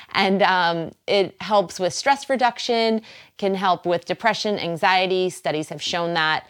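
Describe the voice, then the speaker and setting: Woman, Boston accent, wellness show host, chatty and encouraging, slightly low voice. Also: a little slow, clean tone. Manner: chatty, encouraging, laughs easily. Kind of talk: casual wellness talk to camera.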